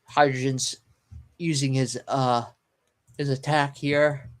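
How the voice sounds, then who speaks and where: A sleepy, yawning man doing a casual live read-through and reaction, pausing often with ums and restarts. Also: mid-range voice, level tone. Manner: halting, stops often with ums and restarts while reading. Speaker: live manga reaction streamer.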